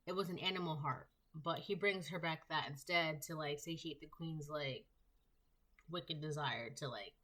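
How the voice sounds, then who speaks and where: A woman's voice: low-pitched, normal speed, fairly bright tone. A woman giving a casual tarot reading, talking in a rambling way with many fillers and restarts. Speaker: tarot reader.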